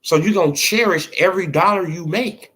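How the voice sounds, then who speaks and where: A man who vlogs boxing commentary talks a little fast in a somewhat bright voice. His takes are casual and slangy, punctuated by asking if you feel what he's saying, and he acts out made-up dialogue with pitch that swings around.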